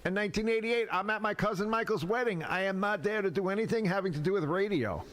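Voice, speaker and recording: A man from Brooklyn, telling radio stories in a casual podcast chat and acting out the people he quotes. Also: fast talker. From Brooklyn, New York. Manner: animated, acts out quoted people with big pitch jumps. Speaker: radio veteran on a podcast panel.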